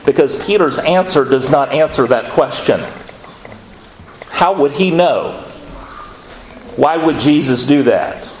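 A man preaching a sermon as a pastor, conversational in tone, with quick acted asides as he talks through scripture. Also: a little high, animated, echoey room, slight background noise, low-quality recording.

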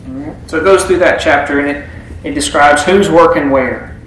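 Speaking at a moderate pace in a fairly bright, highish voice, this preacher reads scripture aloud and then explains it folksily in a sermon. The room is echoey with faint ambience, and there is slight background noise.

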